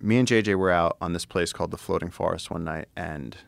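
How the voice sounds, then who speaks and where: A man in casual conversation, telling an animated, profane adventure story with excitement. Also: low-pitched, fairly quick, creaky, dry recording. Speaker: guest, wildlife explorer.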